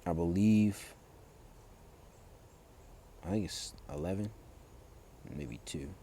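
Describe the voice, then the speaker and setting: A man with a deep, creaky, warm voice preaches informally, reading scripture and news aloud and then explaining it. His explanations are loose and halting, full of fillers and restarts, and the recording has a little hiss or hum.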